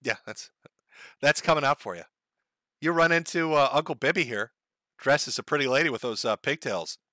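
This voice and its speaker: A man's voice: medium pitch, moderate pace, pushed and bright, dry recording. A man hosting a show, giving crude, sarcastic commentary on online posts. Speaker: show host.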